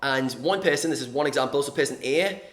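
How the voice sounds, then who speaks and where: A man's voice: mid-range voice, fast, a bit bright. A man coaching viewers on mindset, explaining earnestly and repeating key words, sometimes acting out little examples. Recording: echoey room.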